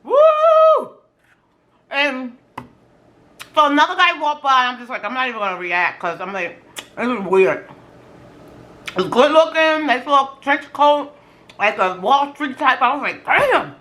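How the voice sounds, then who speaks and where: A middle-aged woman vlogger telling dating stories in casual, animated chat while eating on camera, slangy and quick to exclaim. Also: high voice. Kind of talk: casual storytelling during a food challenge.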